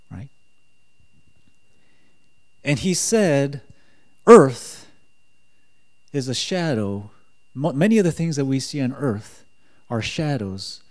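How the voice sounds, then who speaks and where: A man preaching a sermon in a relaxed, conversational way, joking and chuckling as he talks. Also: mid-range voice.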